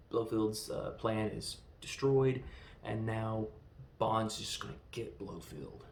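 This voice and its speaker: Gravelly man rambling through a film review. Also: mid-range voice, slight background noise. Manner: rambling, enthusiastic retelling with many fillers. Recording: roomy echo.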